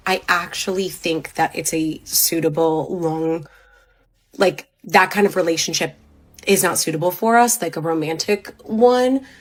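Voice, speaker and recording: A woman in her thirties speaks in a personal, confessional way, rambling and halting as she talks. Her voice sits a little low. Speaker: mother.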